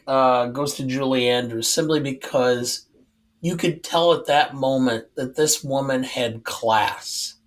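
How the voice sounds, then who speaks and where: Slow, measured man co-hosting a podcast. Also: medium pitch, a bit bright. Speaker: podcast co-host. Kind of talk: casual movie podcast chat.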